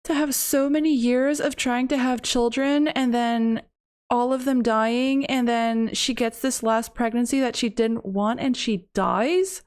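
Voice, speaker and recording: A woman's voice: a little high, steady tone, measured pace, darkish tone, clean tone. A woman giving casual game commentary, reacting aloud with lots of exclamations as events unfold.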